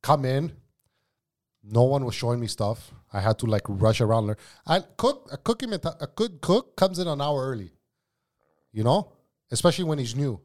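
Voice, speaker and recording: This man is a former cook who tells animated stories on a podcast. He swears freely and drops "bro" into his sentences. His pitch sits at an ordinary middle level for a man. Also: moderate pace. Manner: profane, slangy, says "bro" often; animated anecdote-teller. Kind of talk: casual storytelling chat.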